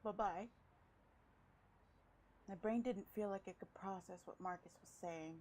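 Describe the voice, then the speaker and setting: A let's play gamer reads a visual novel aloud in a mid-range, warm voice, going a little fast. She's breezy and drops casual, swearing jokes between the lines. The recording is rough, with slight background noise.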